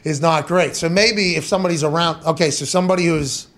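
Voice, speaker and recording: A young man hosting a podcast, chatting casually and telling animated stories that he laces with swearing and laughter. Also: a little high, quick pace. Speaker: podcast host. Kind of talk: casual chat.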